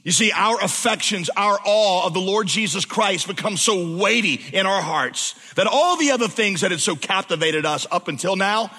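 A man preaching a sermon in a church, dropping to a slow hush for emphasis, then rising to loud exclamations. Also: high-pitched, breathy edge. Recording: long hall reverb.

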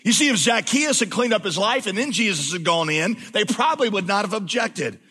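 A man preaching a sermon in a church, dropping to a slow hush for emphasis, then rising to loud exclamations. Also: high voice, lively intonation, slightly rough. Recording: long hall reverb.

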